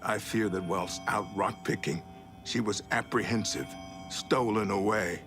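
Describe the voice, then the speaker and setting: Man voicing a deep, pompous orc lord. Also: a little slow, close to an everyday voice. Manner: grandiose speech full of misused words. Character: pompous male orc lord, bumbling noble. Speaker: game character. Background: game music.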